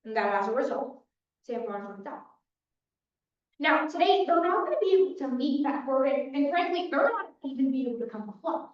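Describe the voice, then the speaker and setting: A woman's voice: high voice, lively intonation, normal speed. A young woman giving a dramatic opening statement as defense attorney in a mock trial, telling the story in punchy short sentences. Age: young adult. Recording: dull, echoey hall from far off.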